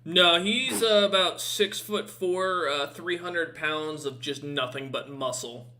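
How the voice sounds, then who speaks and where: Brief: man running a tabletop game, bright, slightly high voice. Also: slow pace. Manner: casual, with frequent fillers. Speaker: dungeon master.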